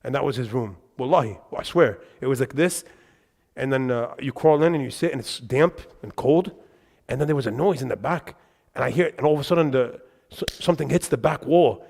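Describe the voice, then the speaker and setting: A man leads a religious lesson, spinning animated anecdotes at a rapid clip. His voice sits at a middle pitch. It rings out with the long reverb of a large mosque hall. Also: vocal fry. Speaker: religious teacher. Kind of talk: storytelling lesson to a congregation.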